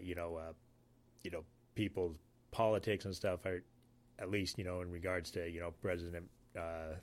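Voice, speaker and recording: A man from Alaska, a Navy sailor, telling a story in casual talk, halting and full of fillers. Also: low voice. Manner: rambling, halting, many fillers. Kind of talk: casual spoken anecdote.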